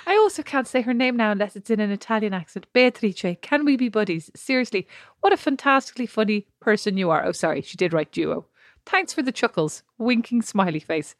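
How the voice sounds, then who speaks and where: A woman's voice: mid-range voice, animated, brisk, no echo, studio quality. A woman co-hosting a podcast, chatting playfully and teasing her co-host. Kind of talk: casual chat.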